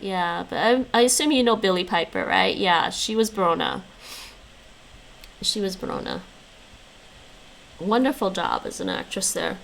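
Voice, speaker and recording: A woman streaming from home talks through a relaxed session, reading her chat aloud and replying with easy laughter. Her mid-pitched voice has a gravelly, fry-tinged texture. A faint hiss sits under the recording. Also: rough recording. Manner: chatty, answers viewers' chat aloud, laughs often. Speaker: livestreamer learning languages. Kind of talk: casual livestream chat.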